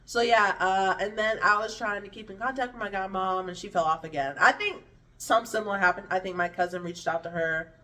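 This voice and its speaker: A woman vlogger with a mid-range voice talks to camera in a brisk, pushed, bright way, sitting well back from the mic. She's hungry, so her words slur a little, and she swears often while telling a candid personal story whose thoughts wander and trail off before she starts them again.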